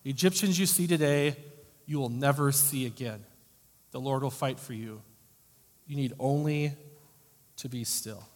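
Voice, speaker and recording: A wry conversational preacher in a reverberant hall. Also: male voice, medium pitch, moderate pace, pauses often. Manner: conversational, wry, wide swings between loud emphasis and quiet asides. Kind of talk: sermon.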